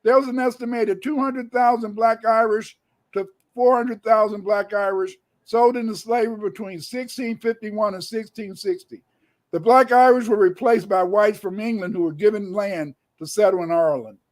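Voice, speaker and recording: Emphatic male lecturer, high voice, repeats himself for stress. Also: steady tone, normal speed. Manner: emphatic, rising to shouts, repeats phrases. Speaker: guest lecturer. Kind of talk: lecture-style talk reading old documents.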